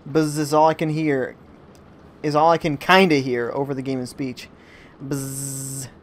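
A man's voice: mid-range voice, little pitch movement, a little slow, a little hiss or hum. A man giving live commentary on a video game, joking and reading viewer chat aloud from home. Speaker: gaming streamer. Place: at home during a rainstorm.

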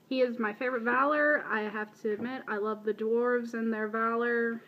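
A woman's voice: fairly high pitch, fairly even intonation, moderate pace, few pauses, muffled recording. A woman in her early twenties from Baltimore, with a light, shifting Baltimore accent, chatting casually through a voice meme with self-deprecating asides. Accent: light Baltimore American, drifting. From Baltimore, USA. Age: early 20s. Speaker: video blogger. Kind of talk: casual voice meme answering questions.

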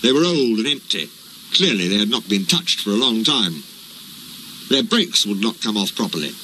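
A man reading a children's train story aloud in an even, unhurried manner. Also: fairly low pitch, slight background noise, poor audio.

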